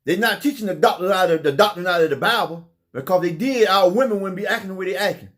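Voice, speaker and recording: A man's voice: high-pitched, quick pace, a bit bright. A man delivering an impassioned preaching monologue, fervent, often repeating phrases and stumbling over his words. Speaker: religious speaker.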